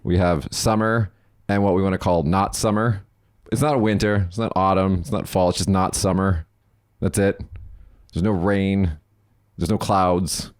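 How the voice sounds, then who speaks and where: A young podcast host from Las Vegas talks in a low, steady, smooth voice at a normal pace, with clean studio sound and no echo. He chats casually, rambling and swearing freely.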